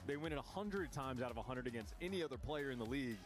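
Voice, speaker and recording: A man's voice: mid-range voice, lively intonation, fast talker, over music. A man co-casting a live esports match, breaking down plays in detail. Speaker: esports co-caster.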